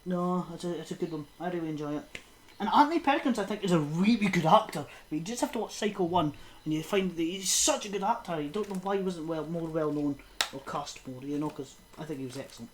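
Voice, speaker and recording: With a fairly low pitch, lively intonation, and a quick pace, this female podcast co-host chats loosely about horror films over slight background noise. She rambles, using many fillers and trailing off into laughs.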